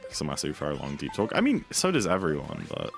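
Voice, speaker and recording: Low-voiced rambling male streamer. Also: huge pitch swings, fast, gravelly, soft background music. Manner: rambling, filler-heavy, playful asides. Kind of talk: casual chat while speedrunning.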